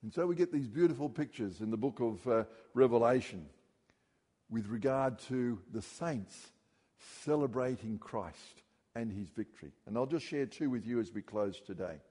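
A middle-aged man preaching a sermon, rising loudly when he reads scripture. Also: mid-range voice, lively intonation, moderate pace, husky, in a large hall. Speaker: pastor.

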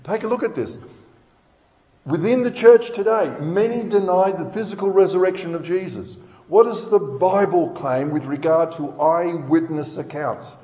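A man's voice: high voice, moderate pace, warm tone. A man preaching a sermon in an earnest, emphatic way, reading scripture aloud. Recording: dull sound with long hall reverb.

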